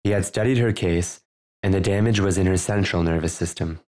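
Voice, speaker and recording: A man with a deep, low voice narrates his own book in audiobook style. He tells his first-person story in a measured, earnest way. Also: a little mellow.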